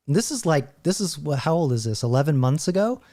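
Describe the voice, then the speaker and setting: Rambling male host, mellow voice, loose commentary. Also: a little high, sing-song, fairly quick. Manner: rambling, stop-start, laughing often. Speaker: channel host. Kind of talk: casual commentary while browsing videos.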